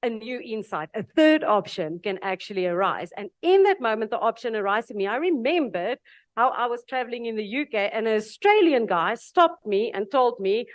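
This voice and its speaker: A woman's voice: a little high, expressive, moderate pace, dry recording. A South African woman with an Afrikaans accent, speaking earnestly and with animation at a panel event before an audience. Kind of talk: reflective speech at a dialogue event.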